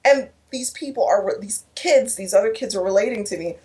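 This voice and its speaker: A woman's voice: mid-range voice, brisk, darkish tone, a little hiss or hum. Earnest woman telling a personal story. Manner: earnest, emotional, with restarts and quoted dialogue. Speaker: guest speaker.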